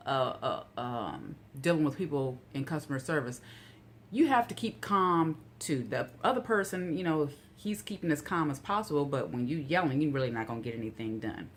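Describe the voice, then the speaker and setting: A woman vlogger telling a rambling, casual story full of "you know" asides, getting animated and incredulous when outraged. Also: low-pitched, normal speed, a little hiss or hum.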